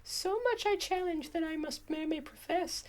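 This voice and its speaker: A man voicing a dutiful young noble woman in a comic script reading, earnest and softly pleading. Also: very high-pitched, moderate pace.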